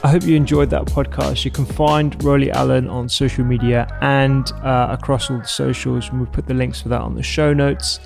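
A man's voice: mid-range voice, flat delivery, normal speed, gravelly, few pauses, over music. A man hosting a podcast, wrapping up the episode in an upbeat, casual way. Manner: upbeat, short encouraging replies. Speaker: podcast host.

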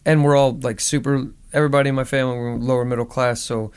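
A man's voice: medium pitch, flat delivery, fast, a little mellow, clear, resonant tone. A man from Oklahoma, a musician guest, talking casually in an interview, rambling and joking with lots of fillers.

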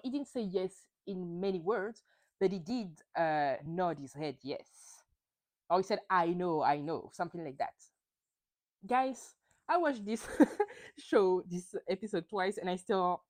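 A woman with a lively, swooping voice talks through a reality TV finale, opinionated and casual. She jumps into high, dramatic impressions when she quotes the cast. Her pitch sits in the middle but moves a lot. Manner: animated, opinionated, acts out quotes with big swings in pitch. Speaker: podcast host.

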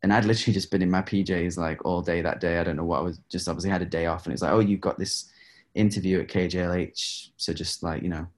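Very low-voiced man. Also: fast talker. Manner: animated, laughs often, many fillers. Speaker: guest singer. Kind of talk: casual storytelling interview.

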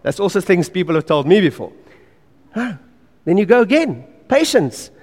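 Man, preacher, sermon, earnest and emphatic, slightly high voice, long hall echo. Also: sing-song, moderate pace. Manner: earnest and emphatic, repeating key phrases, dropping to quiet asides.

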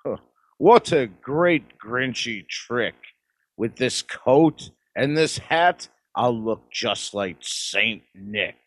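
A man's voice: mid-range voice, expressive, drawn-out words, no room sound. A man voicing the Grinch, a sour, scheming Christmas-hating creature who snarls and growls his lines in an amateur audio drama.

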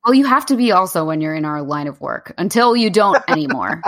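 Female podcast host, slightly low pitch, casual interviewer with a relaxed manner. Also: fairly quick. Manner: relaxed, conversational questioning.

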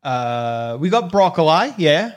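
A man's voice: a little high, big pitch swings, slow pace. A man voicing a burly, easygoing male country cafe owner with an Australian accent and a folksy drawl.

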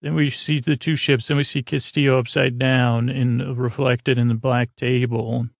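Flat, gravelly man telling a rambling bedtime story. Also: mid-range voice, no room sound. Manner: rambling, slangy, many filler pauses. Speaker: podcast storyteller. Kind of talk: casual bedtime story retelling.

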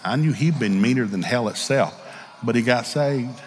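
This middle-aged preacher from the Southern United States speaks at a normal pace in a mid-range voice, with long reverb lingering after his words. He tells stories in a candid, folksy sermon and performs the voices within them.

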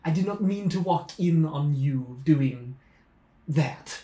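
A man's voice: a little high, expressive, slow, mellow, echoey room. A man doing a stammering Australian digger. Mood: apologetic. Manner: stammering, flustered, apologetic. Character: awkward apologetic male Australian digger from underground. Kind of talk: improvised comedy sketch.

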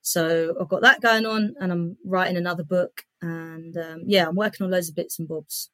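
A woman's voice: lowish voice, fairly even intonation, normal speed, pushed and bright, no room sound. A woman comedian and writer chatting as a guest, upbeat and talking in long run-on strings. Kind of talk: casual interview chat.

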